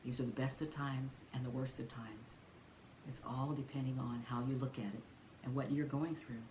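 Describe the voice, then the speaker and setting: An older woman minister giving a sermon, telling stories in a gentle, folksy way. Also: extremely low pitch, steady tone, moderate pace, background noise. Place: church. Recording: echoey room with faint ambience.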